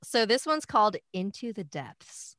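A woman's voice: mid-range voice, sing-song, measured pace, fairly bright tone, dry recording, studio quality. A woman co-hosting a casual chat, reading personality quiz questions aloud, giggly and hesitant. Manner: giggly, hesitant, often restarts.

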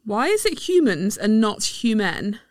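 A woman co-hosting a podcast in casual chat, leaning into words with playful, exaggerated stress. Her voice sits at a middling pitch. The recording is dry and close. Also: sing-song, measured pace, dry recording. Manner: playful, exaggerated emphasis when listing examples. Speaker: podcast co-host.

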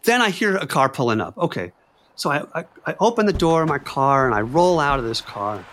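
Animated man telling a story. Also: fairly high pitch, fairly quick, slight background noise. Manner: animated, repeats words and phrases, acts out quoted voices. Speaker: clown performer telling a story. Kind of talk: personal storytelling.

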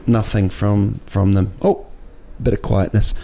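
A man talks through a casual solo podcast in a gravelly, dark voice. He rambles from one joke to the next, full of fillers and false starts. There is a faint hum of room ambience behind him. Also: medium pitch, measured pace. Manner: rambling, joking, with many restarts and fillers. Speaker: podcast host. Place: indoor room at night in a city.

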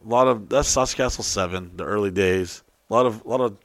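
A man on a podcast telling crude stories and jokes, rowdy and profane, often jumping into loud high put-on voices. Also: a little fast, gravelly, no echo. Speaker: podcast host. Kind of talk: crude comedic podcast banter.

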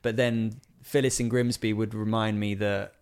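A man's voice: on the low side, level tone, moderate pace, a little mellow, clean tone. A man chatting as a podcast guest, rambling with lots of fillers and asides. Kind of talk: casual chat.

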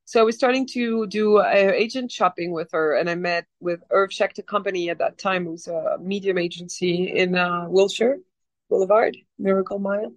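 A woman in her forties with a light French accent, telling her story as a guest in a casual interview, animated and rambling, with many restarts. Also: mid-range voice, moderate pace, no echo. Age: 40s. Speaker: actress guest.

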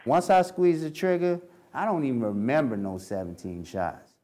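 Mellow-voiced man telling his story. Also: normal speed. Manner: casual street slang, acts out quoted voices with shifts in pitch. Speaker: interviewee recounting his own past. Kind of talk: candid spoken storytelling.

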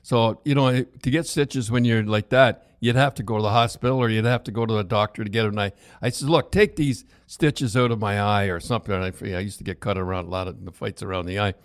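A man's voice: on the low side, fairly even intonation, fast talker, hardly any pauses, no room sound. Older man telling old hockey stories, loose and rambling, dry close sound. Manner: rambling, with false starts. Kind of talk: casual reminiscing.

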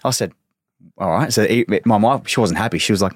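A man's voice: on the low side, a little fast, husky, no room sound, studio quality. A man in his thirties, a former footballer, telling stories in a casual podcast chat and swearing freely. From Australia. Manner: swears freely, tells anecdotes with quoted voices.

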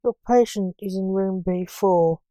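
A woman's voice: medium pitch, a little slow, mellow, no room sound, close to an everyday voice. A woman voicing a persistent young male hospital orderly who insists plainly. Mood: insistent.

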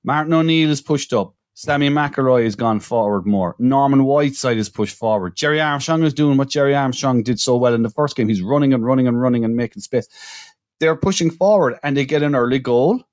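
A man's voice: mid-range voice, a little fast, a little mellow, no room sound. Dry-sounding man recounting football history. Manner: recounting match events at length. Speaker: podcast co-host. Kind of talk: casual chat.

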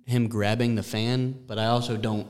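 A man's voice: mid-range voice, flat delivery, moderate pace, darkish tone. A man co-hosting a sports podcast, easygoing and weighing both sides of an argument. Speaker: podcast co-host. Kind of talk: casual sports chat.

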